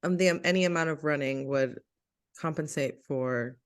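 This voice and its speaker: A woman's voice: sits low, normal speed, clear, resonant tone. A woman in her thirties co-hosting a podcast about motherhood, joking and laughing through casual chat. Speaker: podcast co-host.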